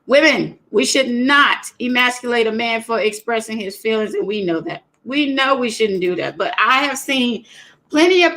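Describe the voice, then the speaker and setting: A woman's voice: fairly high pitch, fairly bright tone. A woman hosting a casual livestream, talking about relationships and thanking viewers in the chat by name. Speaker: livestream host.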